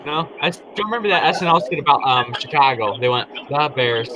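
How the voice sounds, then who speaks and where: A man's voice: fairly high pitch, animated, fast talker, noisy background. A man with a Michigan accent, joking and teasing in a casual group chat.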